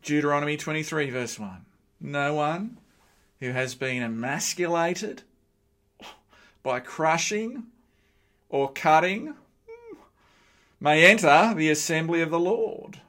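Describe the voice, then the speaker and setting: A middle-aged man preaching a sermon, with lively joking asides to the congregation. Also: a little high, slow pace, long pauses.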